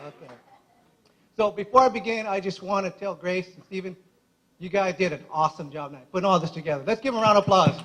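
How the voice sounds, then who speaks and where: Best man, male, high-pitched, casual and giggly, emotional wedding toast at a reception. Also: quick pace, fairly bright tone, some chatter behind, slight background noise, low-quality recording. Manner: chatty, laughs often through his stories; admits he gets emotional.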